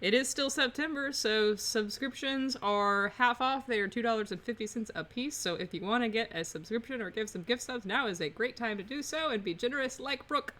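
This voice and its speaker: Bright, giggly woman voicing a game. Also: fairly high pitch, brisk, hardly any pauses. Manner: playful, giggly, reads lines in a put-on drawl. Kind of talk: let's-play game reading with Southern-accented voices.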